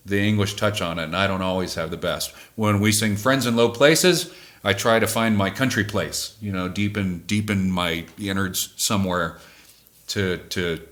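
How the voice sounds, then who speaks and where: Male band singer, lower register, measured and self-correcting explainer. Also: fairly bright tone. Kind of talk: explaining music production.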